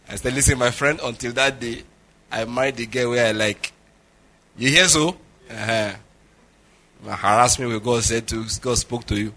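A man's voice: medium pitch, steady tone, moderate pace, long pauses, bright, forceful tone. A middle-aged man preaching a sermon, telling stories with jokes and Pidgin asides. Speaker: pastor.

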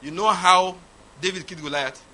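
Man, pastor, emphatic sermon, high bright voice. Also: moderate pace. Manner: emphatic, repetitive, laughs at his own points.

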